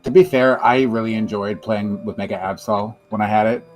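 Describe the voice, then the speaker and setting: Excitable young man in casual chat. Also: fairly low pitch, fairly quick, faint music behind. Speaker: podcast co-host.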